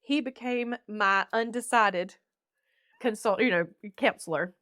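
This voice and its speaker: A young North Carolina woman, a guest on a podcast, tells her life story in a casual, animated way, laughing often and acting out the voices of the people in it. Her voice is mid-range and unhurried, in clean studio sound with no room noise.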